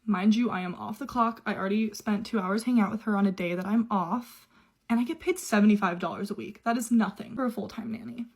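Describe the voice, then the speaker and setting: A woman's voice: mid-range voice, fast, husky. A young adult woman telling her own story in a casual way, chatty and run-on, with quoted dialogue.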